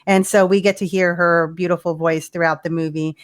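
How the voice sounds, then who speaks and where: A woman co-hosting a podcast in casual chat, animated and swearing freely, laughing often. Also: fairly low pitch, fairly quick, no room sound, clean studio sound. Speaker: podcast co-host.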